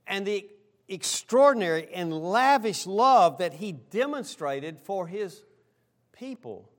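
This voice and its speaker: A man's voice: sits high, expressive, slow pace. Earnest man preaching a sermon. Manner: earnest, rising emphasis on key lines, drops to a quiet aside for stories. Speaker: pastor.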